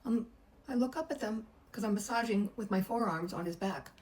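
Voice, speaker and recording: A woman's voice: mid-range voice, brisk, a little mellow, poor audio. A middle-aged woman, a massage therapist, chattily telling a personal story and acting out the voices she quotes. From United States.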